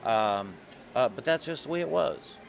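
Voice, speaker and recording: A man telling stories in an interview, lively and acting out other people's voices. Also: mid-range voice, moderate pace, creaky, slight background noise. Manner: animated storyteller, acts out voices in anecdotes. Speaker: comic artist guest. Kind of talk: storytelling interview. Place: convention floor.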